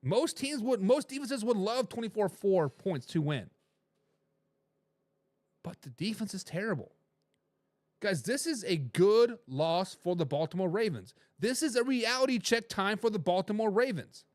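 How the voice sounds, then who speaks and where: A man hosting a casual sports talk show, rambling in an animated way, swinging between loud and low, and talking straight to his viewers. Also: a little slow, dry recording. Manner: addresses viewers directly.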